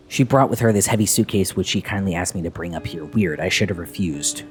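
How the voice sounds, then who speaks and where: A man's voice: deep voice, brisk, hardly any pauses, soft background music. A man commenting on a game he is playing, reading along and making joking, sarcastic asides. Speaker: gameplay commentator. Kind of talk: let's play commentary.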